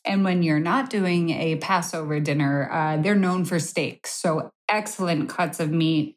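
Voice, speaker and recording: Female co-host, lower voice, teasing banter. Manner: teasing, quick jokes. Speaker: podcast co-host. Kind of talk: casual chat.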